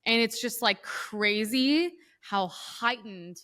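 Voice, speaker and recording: A woman's voice: a little high, takes it slowly, sharp tone. A woman co-hosting a podcast, telling heated stories in casual political chat, profane and emphatic. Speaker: podcast co-host. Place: Los Angeles.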